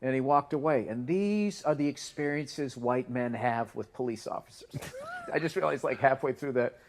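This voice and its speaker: A man's voice: medium pitch, huge pitch swings, moderate pace. A man co-hosting a podcast, telling stories in casual chat and acting out both sides of the conversations. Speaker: podcast co-host.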